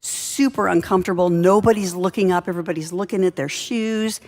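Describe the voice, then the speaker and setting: A woman's voice: lowish voice, a little fast, a little mellow. A woman leadership speaker telling a workplace story in a wry, conversational way. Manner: conversational, wry anecdotal delivery. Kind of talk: storytelling talk. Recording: long reverb of a large hall.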